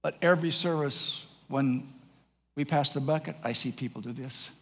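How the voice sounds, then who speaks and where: A man's voice: medium pitch, normal speed, a bit bright. A middle-aged man preaching a sermon as pastor, telling a story and acting out the voices of others, laughing often. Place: large church hall. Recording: echoey church hall, faint noise.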